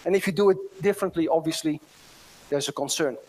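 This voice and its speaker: A man's voice: fairly high pitch, fast, a little mellow. A middle-aged man with a Dutch accent giving a conference keynote, telling stories and often checking in with "right?". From Netherlands. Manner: storytelling, asks the audience "right?" often. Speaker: keynote speaker.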